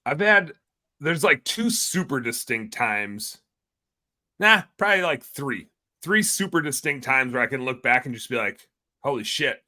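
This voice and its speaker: A man in his thirties appears as a guest entrepreneur on a podcast, speaking energetically and excitably and swearing casually. His voice is medium-pitched, and his pace is measured.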